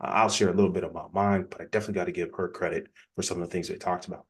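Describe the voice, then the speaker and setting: A man giving a casual, energetic sales-coaching presentation in a plainspoken, conversational way. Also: low-pitched. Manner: energetic, acts out quick example dialogues. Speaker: business coach.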